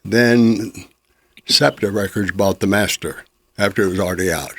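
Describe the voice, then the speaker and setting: Older host, low gravelly voice, chatty and reminiscing, dry sound. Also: male voice, a bit bright, no echo. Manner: chatty, reminiscing, quick to agree. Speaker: podcast host, interviewer. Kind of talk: casual interview conversation.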